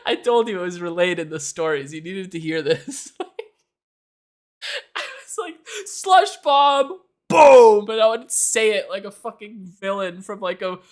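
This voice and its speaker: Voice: medium pitch, lively intonation, measured pace. A young adult streamer from Canada, chatting casually on a live stream, laughing often and swearing in rambling asides. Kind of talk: casual chat to a live audience. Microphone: desk mic for a live stream.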